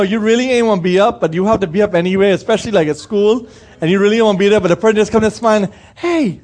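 A man's voice: high voice, a little mellow. A young male pastor giving a sermon in a conversational way, asking the congregation questions and acting out the voices of people he quotes.

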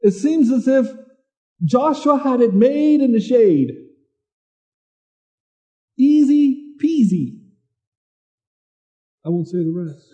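A man preaching a sermon in a conversational way, who repeats words and reads scripture slowly. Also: extremely high pitch, expressive, warm tone, muffled recording.

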